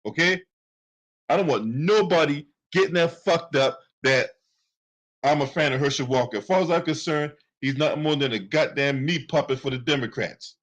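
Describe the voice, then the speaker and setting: A man's voice: fairly high pitch, moderate pace, a bit bright. A man delivering heated, profane political commentary with speech patterns, repeating himself as he rants. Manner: heated, profane, repetitive ranting.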